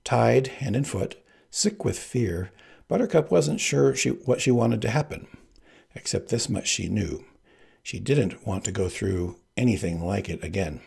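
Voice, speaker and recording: A man reading a novel aloud in an expressive, animated way. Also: lowish voice, a little slow, creaky, slightly rough. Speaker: reader. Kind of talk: audiobook narration.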